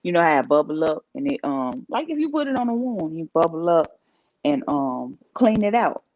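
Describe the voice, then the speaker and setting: A woman's voice: sits low, big pitch swings, normal speed, a little mellow, dry recording, muffled recording. A woman in casual chat on a live stream panel, talking frankly and rambling a little.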